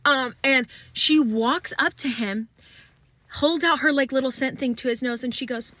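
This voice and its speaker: A young woman telling a casual storytime into her phone, animated and laughing, swearing freely. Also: high voice, takes it slowly, pauses often, no echo.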